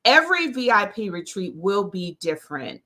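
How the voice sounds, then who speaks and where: A woman's voice: mid-range voice, sing-song, moderate pace, bright, forceful tone. A woman with a Southern accent, a success coach and podcast host, talking on her own live stream in an earnest way about faith and encouragement. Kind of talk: solo live stream talk.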